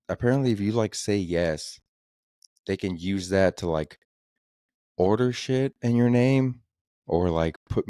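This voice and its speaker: Young dude on his comedy podcast, super low voice, dry close mic, ranting and swearing a lot. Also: a little mellow, dry recording. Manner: rambling, profane, exasperated ranting. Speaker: podcast host. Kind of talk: casual solo comedy podcast monologue.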